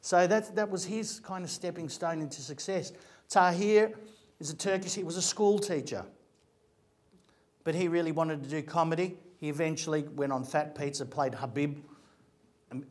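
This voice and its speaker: A man's voice: a little high, moderate pace. A middle-aged man, an actor telling stories about his career in a chatty, rambling way with frequent restarts. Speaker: actor giving a talk. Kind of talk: casual storytelling talk.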